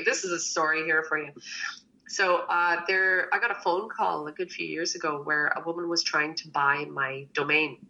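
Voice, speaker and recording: Bright-voiced chatty woman. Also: sits low, highs cut off. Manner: chatty storyteller, animated quoting of others. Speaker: guest, baker and cookbook author. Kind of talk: casual chat.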